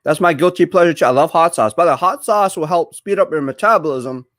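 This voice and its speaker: A man's voice: a little high, a little fast, a bit bright. A young man chatting casually on a live stream while eating, rambling and reading viewer comments aloud.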